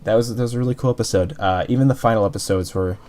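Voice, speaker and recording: Man with a somewhat low voice, chatty earnest reviewer who rambles and restarts. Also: rapid-fire, warm tone. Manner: rambling, heavy use of "like", frequent restarts; earnest, openly emotional. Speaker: anime reviewer. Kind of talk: casual spoken review.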